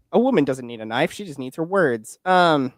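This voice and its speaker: A man's voice: a little high, no room sound, studio quality. A man in his twenties chatting casually about politics, rambling, with many fillers and restarts. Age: 20s. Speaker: podcast guest and political commentator.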